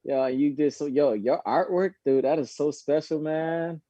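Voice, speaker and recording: A man talks fast and loose, full of slang and quick laughs, over a slightly muffled phone line. The room sounds dry and close, with no echo around his voice. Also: a little high. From Florida. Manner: animated, slangy, laughs often. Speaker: guest dancer. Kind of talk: casual chat.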